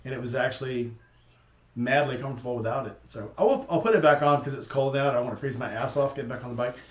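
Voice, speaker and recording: A man hosting a casual chat, telling stories in a relaxed, enthusiastic way. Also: medium pitch, fast, echoey room. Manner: chatty, relaxed, enthusiastic storytelling.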